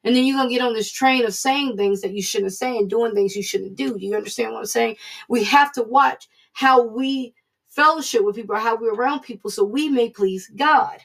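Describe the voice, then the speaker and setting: A woman leads a devotional Bible lesson in an earnest, conversational way, encouraging her listeners. Her voice sits a bit high and carries a gravelly fry. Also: moderate pace. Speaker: Bible study teacher.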